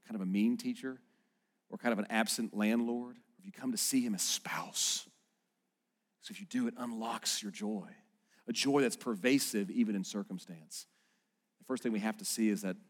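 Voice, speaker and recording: A pastor in his thirties delivers a sermon to his congregation, moving between casual, joking asides and loud, emphatic points. His voice sits at an ordinary middle pitch for a man. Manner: conversational, animated preaching with rising emphasis; playful asides and mock quotes to the audience.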